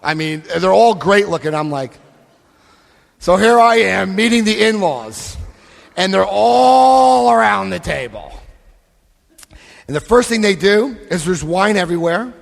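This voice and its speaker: A middle-aged American man speaking at a recovery convention, telling joking, lively stories and acting out voices. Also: high voice, unhurried, vocal fry, pauses often. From United States. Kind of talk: animated storytelling talk. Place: large convention hall. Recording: long hall reverb.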